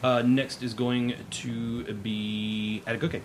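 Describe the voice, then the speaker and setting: A man running a tabletop game as game master, brisk and dryly teasing. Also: mid-range voice, little pitch movement. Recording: faint background noise.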